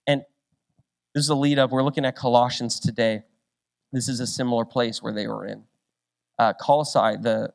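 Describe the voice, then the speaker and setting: A young man preaching a sermon, telling a story with quick shifts between loud and hushed delivery. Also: mid-range voice, gravelly. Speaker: pastor.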